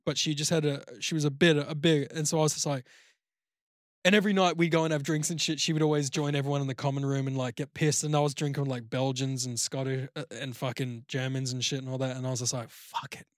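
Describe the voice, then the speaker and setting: In a casual podcast chat, a male co-host with an Australian accent tells a lengthy, crude story riddled with swearing and the word "like." He speaks fast at a medium pitch with little pitch movement, recorded in a clean studio with no room sound.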